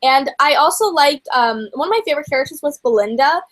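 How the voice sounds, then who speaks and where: A high, light-voiced young woman hosting a casual live book discussion. She talks in a rambling, chatty way, stringing thoughts together with lots of filler words. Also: lively intonation, fast, fairly bright tone. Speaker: host of a book channel.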